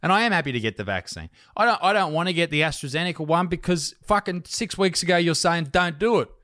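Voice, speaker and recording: A man's voice: on the high side, expressive, fast, bright, forceful tone, dry recording, studio quality. An Australian man talking casually on a remote call, telling stories animatedly and swearing freely. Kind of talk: casual chat.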